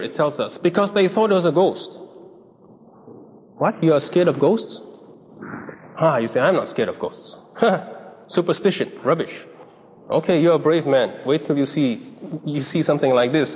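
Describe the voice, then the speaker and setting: A man's voice: fairly high pitch, slight background noise. A man preaching a sermon, telling stories and acting out the people he quotes with emphasis. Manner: storytelling, acts out quoted voices, emphatic. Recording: dull lo-fi sound in a reverberant hall.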